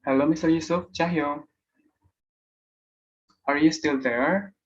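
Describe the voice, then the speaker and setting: Guy hosting an online class call, highish voice, casual and upbeat, muffled sound. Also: fairly even intonation, a little slow. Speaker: moderator. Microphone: video call. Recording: dull online call audio.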